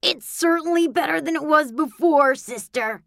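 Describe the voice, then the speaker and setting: A woman's voice: sits high, normal speed, vocal fry, a bit bright, no echo, clean studio sound, voice pushed up. A woman reading an audiobook, voicing a mischievous boy twin who taunts and schemes. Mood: taunting.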